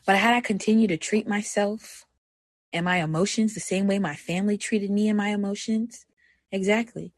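A young woman hosting a personal podcast, talking candidly. She moves between soft reflection and animated self-talk. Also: mid-range voice, moderate pace, no room sound. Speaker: podcast host.

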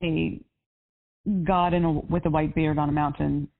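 A woman's voice: deep voice, level tone, measured pace, vocal fry. A woman life coach on a coaching call, chatty and upbeat, with lots of casual fillers. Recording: tinny phone line.

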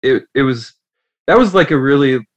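A man in his thirties, a podcast guest, chatting in a relaxed, self-deprecating way. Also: medium pitch, normal speed. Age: 30s. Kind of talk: casual podcast chat.

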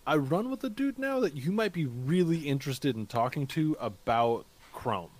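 Playing a tabletop game, a man speaks in character, halting, restarting and leaning on fillers. His fairly high voice is very animated and has a darkish tone.

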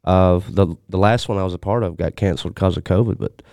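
A man's voice: deep voice, fast, creaky, a little mellow, smooth, dry recording. A man talking as a podcast guest, laid-back and slangy. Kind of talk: casual podcast chat.

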